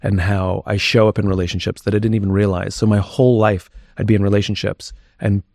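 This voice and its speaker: A man's voice: lowish voice, little pitch movement, quick pace, gravelly, a little mellow, no echo, clean studio sound. A man talking candidly as an interview guest, reflective and thinking aloud as he goes.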